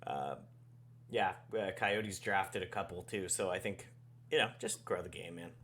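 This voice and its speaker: A man's voice: low-pitched, steady tone, normal speed, a bit bright, a little hiss or hum. A man co-hosting a hockey podcast in casual chat, laid-back, swearing often and trailing off mid-sentence. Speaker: podcast co-host.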